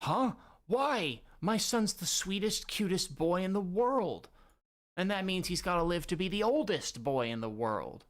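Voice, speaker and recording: A woman's voice: on the low side, animated, unhurried, pitched above the performer's own voice. A man reading a manga aloud and voicing a proud, doting giant mother who defends her son. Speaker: manga reader.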